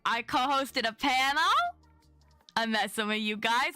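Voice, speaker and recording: A young woman streaming from home, chatting in a bubbly, talkative way and greeting her viewers one by one. Her voice is bright and a little high, recorded dry and close on a desk mic. Soft music plays underneath. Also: steady tone, a little slow, smooth, dry recording. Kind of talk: casual live-stream chat.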